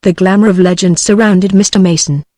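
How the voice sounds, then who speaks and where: British tts lady reading a crime novel, dry close sound, middle pitch. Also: brisk, dry recording. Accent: British English. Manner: even synthetic speech, phrase-by-phrase delivery. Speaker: audiobook narrator. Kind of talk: text-to-speech book reading.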